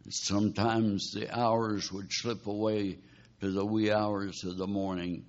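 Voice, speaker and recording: A man's voice: lowish voice, little pitch movement, slow pace. A man preaching a sermon, telling a dramatic story and pleading with his listeners. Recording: dull lo-fi recording.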